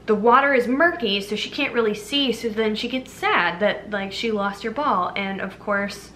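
A woman's voice: medium pitch, moderate pace, bright, forceful tone, a little hiss or hum. A young adult woman retelling a fairy tale for a movie review vlog, chatty and full of fillers. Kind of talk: casual storytelling review.

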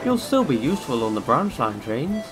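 A kind, patient older steam engine, as a man puts him on in a storybook reading. His voice is gentle and good-humoured, with a lively pitch, and music plays behind him. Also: moderate pace, close to an everyday voice.

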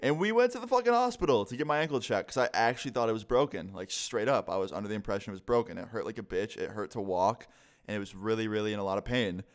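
A man's voice: fairly low pitch, lively intonation, fast. A young man telling a story in a casual, rambling storytime vlog, swearing freely as he goes. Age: young adult. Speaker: vlogger.

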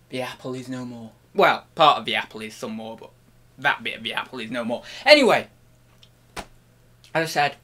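A man hosting a comic vlog, playful and mock-grandiose, jumping between loud outbursts and hushed murmurs, at times talking while chewing. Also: medium pitch, a little fast. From United Kingdom. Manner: talks while chewing an apple. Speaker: online reseller and channel host.

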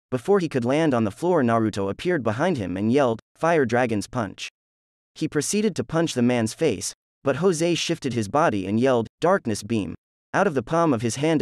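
A man narrating a fan fiction story aloud in a flat, steady reading voice. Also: mid-range voice, no echo, clean studio sound.

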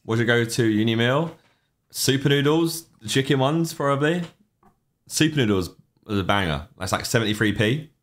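A man's voice: medium pitch, animated, normal speed. A young man, casually chatting on a livestream, rambling and reacting to chat messages with offhand opinions.

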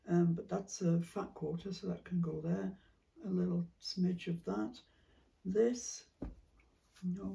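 A woman with a strongly gravelly, fry-heavy voice chats unhurriedly through a casual craft vlog. She muses aloud and slips into soft whispered asides, coughing now and then. The mic sits well away from her. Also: fairly low pitch, far from the mic. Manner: chatty, musing, drops into soft whispered asides. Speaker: craft vlogger. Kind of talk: casual chat while sorting fabric.

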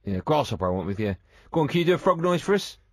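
Teasing radio host man, lively voice. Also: on the high side, racing, dry recording, studio quality. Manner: teasing, exasperated. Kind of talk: casual radio banter. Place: radio studio.

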